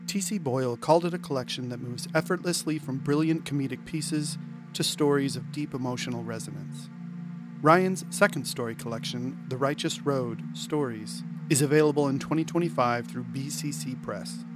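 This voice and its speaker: A man reading a brisk, clear outro announcement for a story program. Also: medium pitch. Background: music bed.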